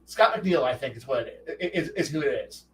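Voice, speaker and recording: A man hosting a stream, telling a casual rambling story with many restarts and lively quoted dialogue. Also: medium pitch, moderate pace, far from the mic, slight background noise, low-quality recording. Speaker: streamer host.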